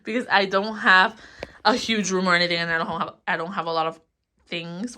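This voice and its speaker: A woman in her twenties with a fairly low, fairly even, brisk voice and a sharp tone walks viewers through her small bedroom. The vlogger rambles casually, sounds a little out of breath, giggles often, and relies on ums and likes.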